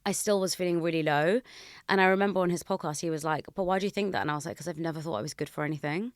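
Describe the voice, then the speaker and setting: Low-voiced woman in her thirties, candid. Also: rapid-fire, no room sound, studio quality. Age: 30s. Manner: candid, reflective, emotional openness. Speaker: podcast host. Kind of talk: casual chat.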